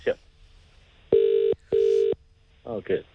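A male radio caller talking in a hesitant, stumbling way over the phone. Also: quick pace. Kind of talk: phone-in chat, fake accent attempt. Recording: tinny phone line.

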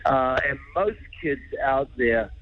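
A man's voice: mid-range voice, lively intonation, slow pace, narrow, tinny audio, a little hiss or hum. A middle-aged man, a charity founder speaking earnestly and informally as a radio guest. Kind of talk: radio interview.

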